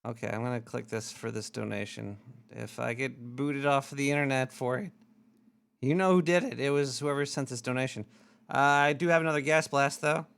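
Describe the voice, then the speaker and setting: A man's voice: mid-range voice, fairly even intonation, normal speed, creaky, fairly bright tone, clear, resonant tone. A man hosting a casual talk show, rambling loosely and swearing, a bit drunk. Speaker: show host. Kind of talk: casual radio-show chat.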